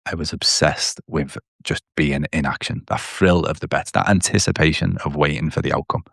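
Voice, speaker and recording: Very deep, gravelly man telling his story. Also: steady tone, moderate pace, fairly bright tone, dry recording, clean studio sound. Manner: candid, blunt storytelling with swearing. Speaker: podcast guest. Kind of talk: personal recovery story.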